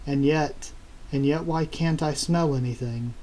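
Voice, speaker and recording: A man reads a manga chapter aloud and reacts live, breaking off into laughs and excited asides. His voice sits a little high for a man, with a mellow, soft tone. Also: measured pace. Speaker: manga reviewer.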